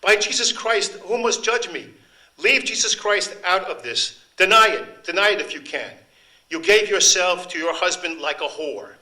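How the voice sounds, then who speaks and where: A man's voice: high voice, animated, normal speed, bright, forceful tone, voice pushed up, heavily acted. A man putting on a stern, accusing nobleman. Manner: harsh, accusing.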